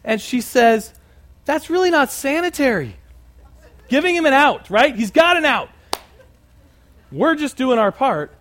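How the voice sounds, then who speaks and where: A man preaching a sermon and telling a story, animated and conversational with many asides. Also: very high-pitched, a little slow, slight background noise. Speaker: pastor.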